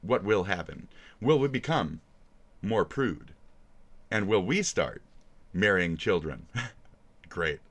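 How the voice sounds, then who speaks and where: A man's voice: low voice, lively intonation, slow, pauses often, fairly bright tone. A man streaming live, ranting and mocking with crude swearing in casual reaction talk.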